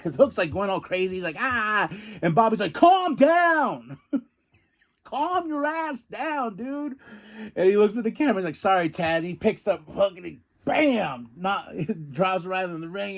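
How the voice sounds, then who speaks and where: Excitable man recapping wrestling, slightly high. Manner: animated, swears, bursts of yelling when excited. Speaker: podcast host recapping wrestling.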